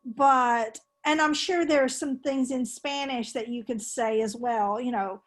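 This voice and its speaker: Woman teacher with a high voice, rambling and hesitant in casual shop talk. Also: fairly even intonation, a little slow. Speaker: English language teacher. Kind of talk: casual professional discussion.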